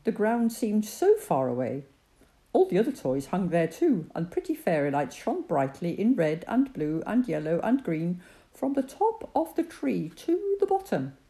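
A woman reading a children's storybook aloud, slow and gentle. Her pitch swings widely and expressively, while her tone stays dark and mellow. She is warm-paced and unhurried. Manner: gentle, expressive voicing of characters.

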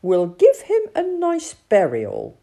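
A woman's voice: medium pitch, wildly swooping pitch, takes it slowly, creaky, warm tone, full character voice. A woman voicing a brash, reckless male rat who talks bluntly and cheekily, in a storybook reading.

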